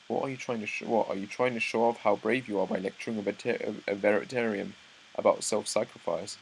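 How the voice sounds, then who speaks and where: Young male reactor with a low voice who reads panels aloud and trips over words. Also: fast, vocal fry, slight background noise, poor audio. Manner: reads dialogue aloud, breaks off into excited asides, stumbles and restarts. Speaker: manga reaction host. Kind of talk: live reaction read-through.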